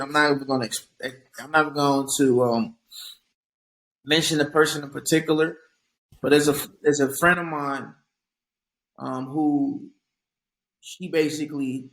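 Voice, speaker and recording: A young male physician, appearing as an interview guest, offers earnest conversational advice in a mid-range voice with vocal fry. He's reflective and often repeats words as he starts a thought, and the recording quality is low.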